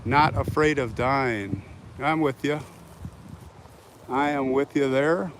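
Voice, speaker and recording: A man hosts a live stream on his phone while walking outdoors through a sunny cemetery. He talks casually and answers viewer comments as he goes, at a mid-range pitch. The audio picks up clear outdoor wind noise behind him. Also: slow. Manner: talkative, reads viewer comments aloud and answers them. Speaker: vlogger hosting a live stream. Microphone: phone held while walking.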